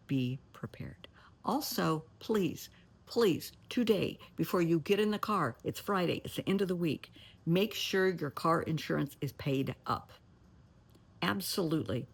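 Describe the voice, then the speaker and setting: A woman's voice: sits low, vocal fry, breathy edge. A middle-aged woman, a therapist, giving plainspoken advice in a folksy way, calling listeners honey and sweetheart, and sometimes dropping to a near whisper for emphasis. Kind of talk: advice talk to camera.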